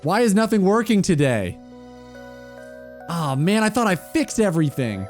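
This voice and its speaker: A man's voice: high voice, very animated, moderate pace, faint music behind. A man chatting casually on a gaming stream, teasing and mock-incredulous.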